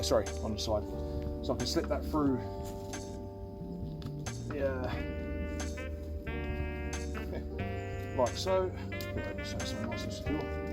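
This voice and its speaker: Man demonstrating camp setup outdoors. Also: mid-range voice. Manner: relaxed, chatty, with frequent ums. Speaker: outdoor channel host. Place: outdoors in woods.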